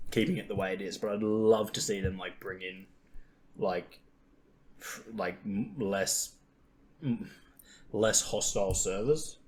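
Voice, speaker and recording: A young man with a fairly low voice hosts a casual gaming podcast. He swears freely and drops into quick acted-out quotes. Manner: profane and jokey, acts out quotes. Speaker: podcast host. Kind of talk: casual chat about gaming.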